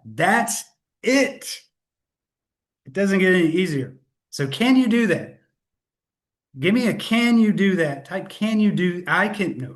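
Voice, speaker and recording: Man, webinar host, slightly higher voice, upbeat, loose, laughs off his own mistakes, computer mic. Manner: upbeat, self-correcting, laughs at own slip-ups. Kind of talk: live sales webinar.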